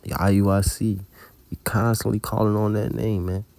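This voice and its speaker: In a fairly low, level, gravelly voice with a darkish tone, a man talks at a moderate pace with no echo. As a religious teacher, he gives an informal testimony about a dream, told colloquially and laced with heavy profanity.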